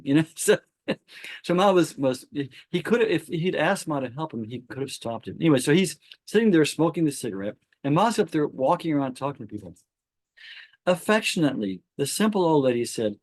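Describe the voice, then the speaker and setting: A man hosting a spiritual gathering, reading a devotional account aloud at an unhurried pace and stopping to comment before opening the floor to discussion. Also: a little high, big pitch swings, no echo. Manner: reads slowly, stopping to comment and restart phrases. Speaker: satsang host.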